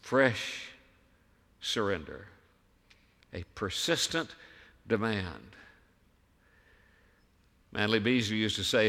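A man preaching a sermon as a pastor, emphatic, firing rhetorical questions and swinging from hushed to loud. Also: lowish voice, expressive, slow pace, pauses often, in a large hall. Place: church sanctuary.

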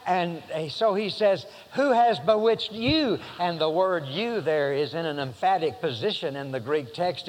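Male preacher, high pitch, rambling then emphatic, long hall reverb. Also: lively intonation, unhurried, hardly any pauses, slight background noise. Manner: rambling, many fillers and restarts, rising to emphatic passages. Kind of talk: sermon.

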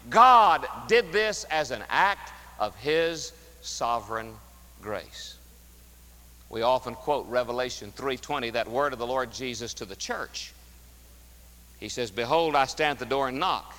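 A man preaching a sermon as pastor, emphatic, rising loud and dropping to a hush. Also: mid-range voice, moderate pace, long reverb tail, low-quality recording. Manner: emphatic, swings from loud to hushed. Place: church sanctuary.

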